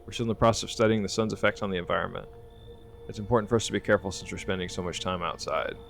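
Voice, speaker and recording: A man voicing a brisk, bureaucratic government agent who speaks quickly. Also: deep voice, steady tone, vocal fry, a bit bright, soft background music. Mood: officious.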